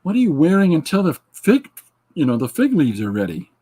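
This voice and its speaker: A man's voice: a little high, huge pitch swings, fairly quick, mellow, husky. A middle-aged man hosting a podcast, chatting casually and joking while he reads viewer comments and laughs at his own retellings. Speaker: podcast host.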